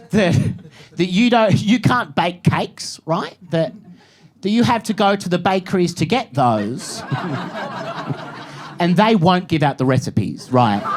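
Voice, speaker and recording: A man's voice: sits high, big pitch swings, takes it slowly, long pauses. A young Australian man with a chatty, self-mocking stand-up manner, dropping crude jokes and tagging his lines with "right?". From Phillip Island, Australia. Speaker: stand-up comedian. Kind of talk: stand-up comedy set. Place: comedy stage before a live audience. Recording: live stage recording with audience noise.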